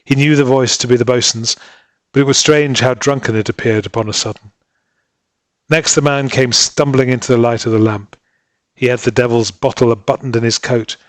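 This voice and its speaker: A man reads a story aloud in a steady, measured voice. His pitch sits in the middle of the male range. The recording is dry and close, with no room sound. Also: no echo. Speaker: audiobook reader. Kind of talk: scripted narration.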